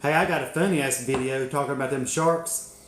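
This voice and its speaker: A man's voice: mid-range voice, fairly quick, a bit bright, slight background noise. A young man telling stories on a casual live stream, cursing freely and laughing often. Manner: profane, laughing, drawling storyteller. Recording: echoey room.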